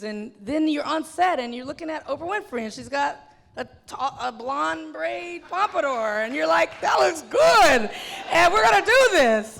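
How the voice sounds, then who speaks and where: A woman filmmaker talking in an animated, chatty way with lots of fillers, in an onstage conversation at a film festival. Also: high voice, vocal fry. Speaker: filmmaker guest. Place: film festival venue with an audience. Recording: long hall reverb.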